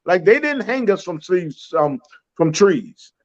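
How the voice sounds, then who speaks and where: High-voiced man, rambling podcast talk. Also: sing-song, takes it slowly, dull audio. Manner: rambling, many fillers and restarts, laughs often.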